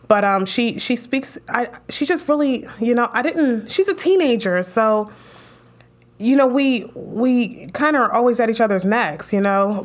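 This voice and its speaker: A young woman legislator being interviewed, talking emotionally and animatedly about her work and family. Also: mid-range voice. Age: young adult. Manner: emotional, animated storytelling with laughs. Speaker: state legislator.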